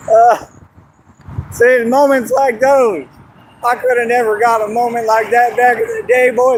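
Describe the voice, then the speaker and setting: A brash, boastful man with a high-pitched voice talks on a phone livestream outdoors in a park, laughing often and going hoarse. Faint background hiss sits under him. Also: sing-song, slow pace, pauses often, low-quality recording. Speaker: street performer in costume. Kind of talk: casual livestream chatter.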